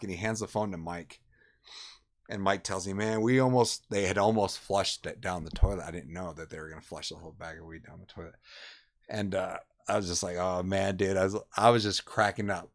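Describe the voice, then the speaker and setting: Streamer, middle-aged guy, lowish voice, acts out the voices in his story. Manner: animated, acts out voices, says man a lot. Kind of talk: casual storytelling while streaming a game.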